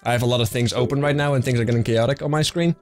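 A man's voice: mid-range voice, steady tone, racing. A young man running a tabletop game, chatting casually on a live stream and rambling through fillers and restarts. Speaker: game master. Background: faint fantasy music.

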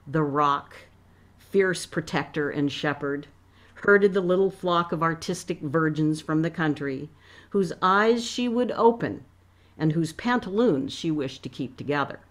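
A woman author reading her novel aloud in a measured, expressive way. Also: low-pitched.

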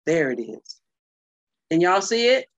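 A woman presenting a historical tribute on a video call, excited and fumbling with screen sharing. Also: fairly low pitch, a little slow, dry recording. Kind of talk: casual presentation. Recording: dry, muffled call audio.

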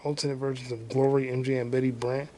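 A man's voice: medium pitch, level tone, fast, warm tone, a little hiss or hum. A man hosting his own podcast alone, rambling profanely while he looks things up online and thinks aloud. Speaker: podcast host. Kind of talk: casual solo podcast rambling.

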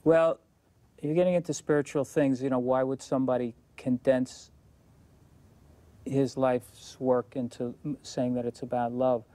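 Mellow man reasoning calmly. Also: mid-range voice, no room sound. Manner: calm, measured reasoning. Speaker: interviewee. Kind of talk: thoughtful explanation in an interview.

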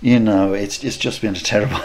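A man's voice: lowish voice, steady tone, fairly quick, a little hiss or hum. Man telling rambling stories. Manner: rambling anecdotes with frequent restarts and laughter. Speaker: podcast co-host. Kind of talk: casual chat, storytelling.

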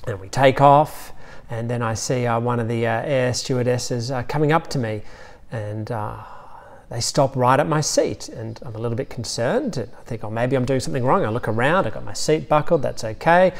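A man with an Australian accent preaching an Easter sermon, retelling scenes with lively storytelling asides. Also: medium pitch, normal speed. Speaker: pastor.

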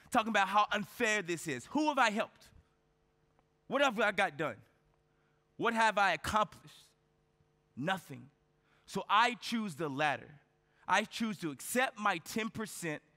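Male keynote speaker, high bright voice, storytelling style, lots of rhetorical questions. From United States. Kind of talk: motivational keynote speech. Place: large event hall on stage. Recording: reverberant conference hall.

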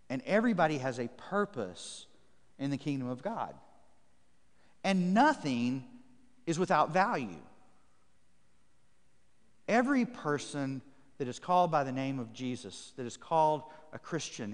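Preaching man in a reverberant church. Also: mid-range voice. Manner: emphatic, repetitive preaching cadence; reads scripture aloud to the congregation. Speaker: pastor. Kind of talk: sermon. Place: church sanctuary.

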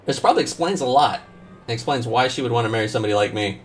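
Animated, profane male game streamer. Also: mid-range voice, racing, a little hiss or hum. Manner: joking, profane, animated storytelling. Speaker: gaming streamer. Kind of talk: casual gameplay commentary. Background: faint game music.

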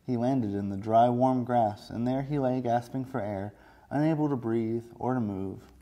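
A man, a children's librarian, reading a picture book aloud in a slow, gentle storytelling way. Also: medium pitch, highs cut off.

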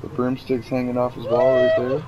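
A young man hosting casual gameplay commentary, excitable and profane, easily spooked. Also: mid-range voice, moderate pace, highs cut off, heavy background noise. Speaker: gaming channel host.

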